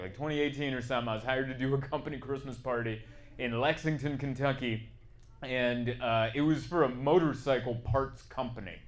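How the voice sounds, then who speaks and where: A man doing a stand-up comedy set on stage, chatty and self-mocking, breaking into loud put-on bits. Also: mid-range voice. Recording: live club audience noise.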